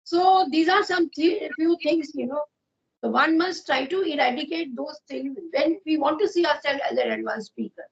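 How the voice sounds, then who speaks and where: A woman's voice: sits high, normal speed. A woman with an Indian accent who explains her points in an agreeable way during a casual conversation, saying "yes" and "you know" often. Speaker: guest speaker. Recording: muffled lo-fi audio.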